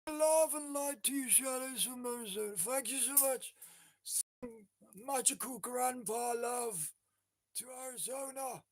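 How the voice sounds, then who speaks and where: A man's voice: extremely high pitch, unhurried, no room sound. An older man hosting a livestream in casual chat, repeating words over and over in a chanting way. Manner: repetitive, chanting single words. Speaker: livestream host.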